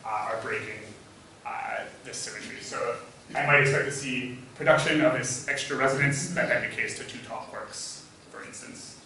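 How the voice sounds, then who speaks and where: A man's voice: mid-range voice, fairly even intonation, normal speed, pushed and bright, recorded from a distance, a little hiss or hum. Man lecturing in an echoey hall. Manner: hesitant, many "uh" fillers, thinking aloud. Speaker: physics lecturer. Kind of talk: academic talk.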